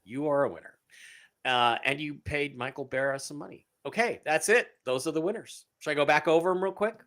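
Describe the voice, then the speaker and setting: A man's voice: a little high, fairly quick. A man hosting a live-streamed talk show, reading out giveaway winners in a casual, repetitive way with many fillers. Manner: animated, repeats phrases, many fillers. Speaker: show host.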